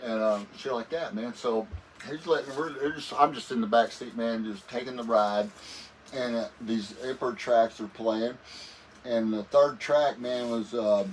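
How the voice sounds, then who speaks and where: A man's voice: medium pitch, fairly even intonation, measured pace. A man guest musician telling stories casually in an interview, rambling and laid-back, often saying "man". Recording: voice a bit far from the mic with faint noise.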